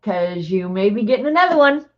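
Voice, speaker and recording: A woman's voice: mid-range voice, sing-song, brisk, highs cut off. An older woman hosting a livestream, chatting casually with viewers and reading aloud with dry, sarcastic asides. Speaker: livestream host.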